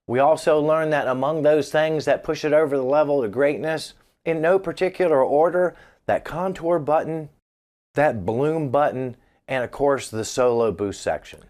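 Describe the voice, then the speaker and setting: A man's voice: medium pitch, a little mellow. A man reviewing a guitar amp in a casual, wisecracking video, with jokes thrown between demonstrations. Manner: joking, wisecracking asides. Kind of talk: casual gear demo vlog. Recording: guitar playing behind the voice.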